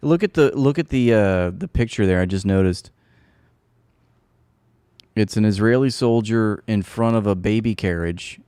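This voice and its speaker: A man's voice: fairly low pitch, mellow, clear, resonant tone, no room sound. A man hosting a casual political commentary, talking bluntly and off the cuff, with some swearing. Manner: blunt and profane, loose off-the-cuff talk. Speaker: commentary channel host.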